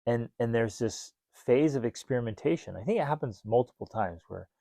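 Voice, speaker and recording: A middle-aged man in casual podcast conversation, lively and expressive, slipping into quoted voices as he explains. His voice sits at a middle pitch and sounds close and dry, with no room around it. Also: a little fast, creaky, no room sound. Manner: animated, acts out quoted dialogue. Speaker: podcast co-host. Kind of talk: casual parenting podcast chat.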